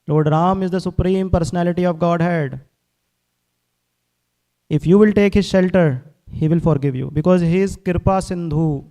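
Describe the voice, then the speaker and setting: A man's voice: high voice, steady tone, moderate pace, dark tone. A man giving a devotional sermon, telling scripture stories and acting out the quotes earnestly. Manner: earnest, repeats words, acts out quotes. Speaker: speaker at a temple class.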